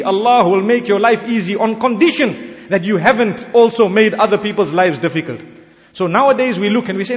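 A man preaching a sermon in an earnest, exhorting way, rising for emphasis. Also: high voice. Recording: long hall reverb.

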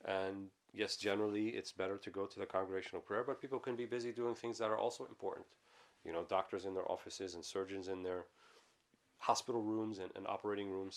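Male teacher, deep voice, brisk delivery, reads Arabic then explains. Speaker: Islamic teacher. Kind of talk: explaining a classical text.

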